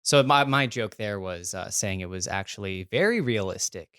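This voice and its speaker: A man's voice: on the low side, expressive, normal speed, sharp tone, clear, resonant tone, no room sound, clean studio sound. A young man co-hosting a podcast in casual chat, laid-back with crude joking banter. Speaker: podcast co-host.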